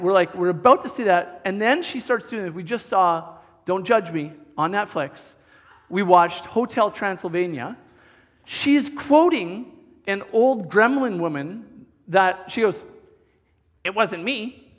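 Middle-aged pastor guy, high voice, chatty animated storytelling, big echoey church hall. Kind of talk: storytelling sermon. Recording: long hall reverb.

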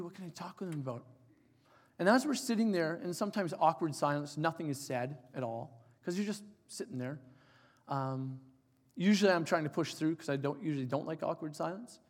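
A man in his forties preaching a sermon, telling an emotional personal story and dropping to soft, quiet tones for emphasis. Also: a little high, brisk. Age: 40s. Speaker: pastor. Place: church hall. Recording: reverberant church hall.

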